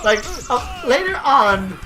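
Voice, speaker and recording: A man spinning animated, swear-laced stories in casual chat over a gameplay session, packing his talk with "like". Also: high-pitched, slow pace. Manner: animated storytelling full of "like" fillers, swears freely. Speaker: storyteller co-host of a gameplay video. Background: video game music.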